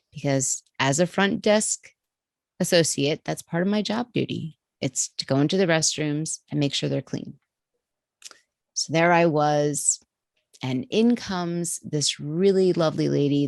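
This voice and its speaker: A woman, a podcast guest, telling a personal story in a vivid, animated way. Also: deep voice, dry recording, studio quality. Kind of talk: storytelling in an interview.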